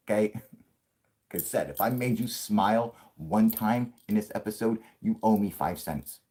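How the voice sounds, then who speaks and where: A man's voice: lowish voice, unhurried, pauses often. A man in his late thirties hosting a live stream, rambling casually with constant swearing and laughter. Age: 30s. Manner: crude, profanity-heavy rambling with frequent laughs; puts on a yelling grumpy old man for jokes.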